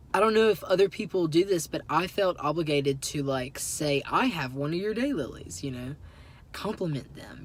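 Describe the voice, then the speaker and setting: A young man telling an embarrassing story to camera, sheepish and self-deprecating, with lots of fillers. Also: a little high. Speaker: vlogger. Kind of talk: casual storytelling.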